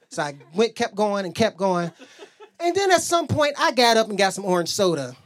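A man's voice: high voice, brisk. A young adult man doing a stand-up comedy set, telling crude, profane stories and acting out the lines of people in them. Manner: animated storytelling, acts out quoted lines.

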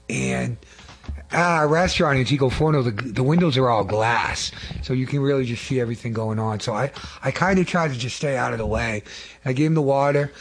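A man's voice: mid-range voice, expressive, fairly quick, breathy edge. A man giving an earnest, informal church testimony to a congregation, rambling and often correcting himself mid-sentence.

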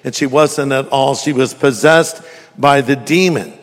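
A man preaching a sermon in church, telling stories in a jokey, animated way. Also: medium pitch, a little slow, long reverb tail. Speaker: pastor.

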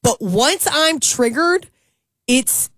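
A woman co-hosting a morning radio show, chatting in a lively way with lots of likes and restarts. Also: sits high, very slow, dry recording. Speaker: radio co-host. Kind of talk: casual morning radio chat.

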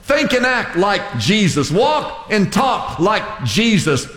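A man's voice: high voice, sing-song, slow, hardly any pauses. Emphatic older man preaching in an echoey hall. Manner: emphatic, repetitive exhortation with rising shouts. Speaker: pastor. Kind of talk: sermon. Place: church sanctuary.

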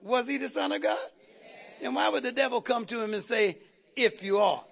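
Preacher, male, very high gravelly voice, call-and-response style, climbs to shouts. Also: a little fast. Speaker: pastor. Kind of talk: sermon. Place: church sanctuary.

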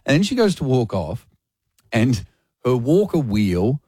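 A man's voice: mid-range voice, a little slow, breathy edge, no echo. A young Australian man hosting a radio show, telling a story with lots of acted-out voices. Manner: animated storyteller, acts out voices. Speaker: radio host. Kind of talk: radio breakfast show chat. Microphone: studio mic.

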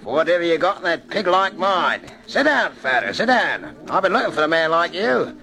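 An actor playing a boastful, hearty master thief in 1940s radio acting. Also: male voice, a little high, big pitch swings, moderate pace, creaky, sharp tone, full character voice. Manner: hearty, laughing, bossy and boastful. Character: boastful gravelly male master thief, middle-aged.

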